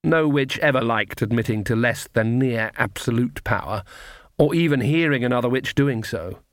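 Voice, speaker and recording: A man narrating an audiobook in a measured, wry storytelling manner. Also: medium pitch, no echo, clean studio sound. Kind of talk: scripted narration.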